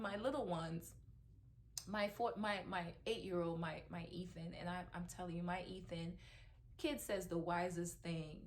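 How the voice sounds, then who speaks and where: A middle-aged woman, a mother, talking emotionally in a heartfelt personal vlog, with lots of ums and restarts. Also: lowish voice. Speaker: mother vlogger.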